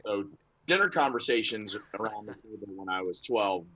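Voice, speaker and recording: Relaxed husky-voiced man on a podcast. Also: fairly low pitch, normal speed, rough recording. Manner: relaxed, laughs through stories. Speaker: guest, associate athletic director. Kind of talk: casual podcast chat.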